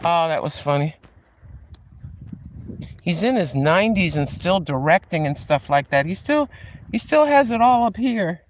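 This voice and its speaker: A woman's voice: fairly low pitch, animated, a little slow, long pauses, slight background noise. An older woman hosting a vlog, chatting and joking outdoors in a riverside park. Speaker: vlog host. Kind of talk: casual chat on a walk.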